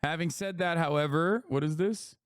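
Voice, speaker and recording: A man's voice: fairly high pitch, normal speed, clear, resonant tone, no room sound, studio quality. A man hosting a live stream, reacting to news in a casual, profane, wry way. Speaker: streamer host.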